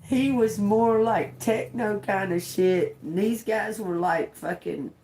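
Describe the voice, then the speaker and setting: Her voice here is medium-pitched and warm, and she takes her time, with slight background noise in the echoey room. The livestream host, a woman in her fifties, tells a meandering story with frequent laughter and offhand cursing.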